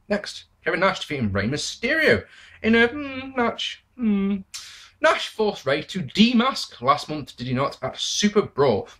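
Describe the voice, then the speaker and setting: A man's voice: on the high side, fairly bright tone. A man hosting a wrestling review show, talking casually and sarcastically, swearing and laughing as he goes. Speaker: wrestling review podcast host.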